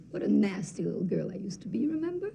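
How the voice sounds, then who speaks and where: An actress playing a young princess in a film drama, speaking softly and intensely, often close to a whisper. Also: female voice, medium pitch, creaky, slight background noise. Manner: soft, hushed, intense, often near a whisper. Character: defiant young princess, quietly resolved.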